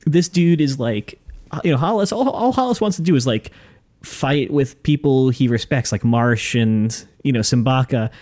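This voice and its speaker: A man's voice: medium pitch, expressive, a little mellow. A man hosting a podcast, recapping an episode casually with crude jokes. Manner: joking, crude, quick recaps. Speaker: podcast host. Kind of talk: casual chat.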